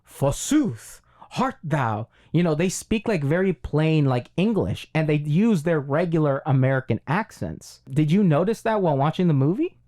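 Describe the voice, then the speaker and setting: A man's voice: fairly high pitch, expressive, normal speed, few pauses, dark tone. A man co-hosting a casual film review podcast, talking in long rambling runs with many fillers and restarts. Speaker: podcast co-host.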